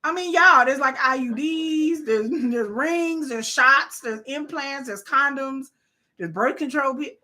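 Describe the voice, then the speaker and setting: A woman's voice: sits high, a little slow, bright, forceful tone. A woman hosting a live watch party of a reality show, giving blunt, profane, opinionated commentary straight to her viewers. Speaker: live-stream host.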